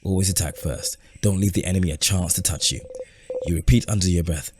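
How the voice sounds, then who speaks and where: A man's voice: low-pitched, steady tone, a little fast, slight background noise. A man streaming a story game, reading its text aloud playfully and tripping over words now and then. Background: game music.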